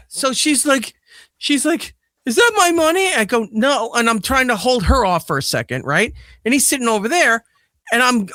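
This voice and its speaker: A man's voice: high-pitched, no room sound, clean studio sound. A man who hosts a podcast, telling a casual story with lots of swearing and acting out the quoted lines. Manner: profane, animated retelling that acts out quoted lines. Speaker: podcast host and father.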